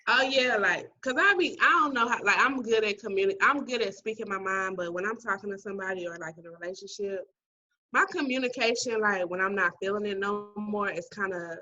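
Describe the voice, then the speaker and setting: Bright-voiced woman on a lo-fi call. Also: mid-range voice, a little fast, faint music behind. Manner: animated storytelling, acting out quoted voices. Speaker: podcast co-host. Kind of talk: casual chat. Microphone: remote video call.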